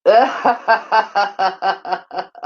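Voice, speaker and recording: Woman host, tired with a cold, slow rambling chat, muffled lo-fi phone sound. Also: mid-range voice. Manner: rambling, filler-heavy, repeats "as I say". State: tired and yawning, coming down with a cold. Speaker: livestream host. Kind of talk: casual chat.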